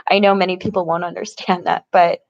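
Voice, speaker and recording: A woman's voice: lowish voice, level tone, normal speed, dry recording, dull audio. Laughing woman vlogger, dry close sound. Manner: rambling, laughs often. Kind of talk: casual personal vlog. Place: tent in an encampment.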